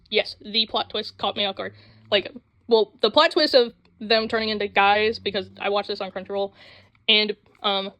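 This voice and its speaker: Excitable young woman, dry close sound. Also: medium pitch, no echo. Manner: rambling, excitable, with frequent fillers and quick voice switches. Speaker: anime vlogger. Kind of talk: casual chat. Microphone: phone mic.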